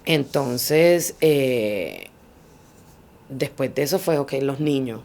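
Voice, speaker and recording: A woman's voice: a bass voice, expressive, slow pace, creaky, darkish tone. A middle-aged woman, telling her story in an oral history interview and switching between Spanish and English.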